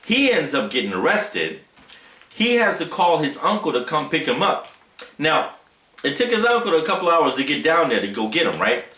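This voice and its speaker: A man vlogging in a casual storytelling style, animated and often adding "right?" as he talks. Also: on the high side, moderate pace, echoey room. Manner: animated, tags lines with "right?". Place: Japan.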